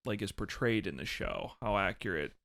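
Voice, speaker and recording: A man's voice: on the low side, lively intonation, normal speed, fairly bright tone. A young man co-hosting a casual podcast, laughing easily and explaining history at length. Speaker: podcast co-host.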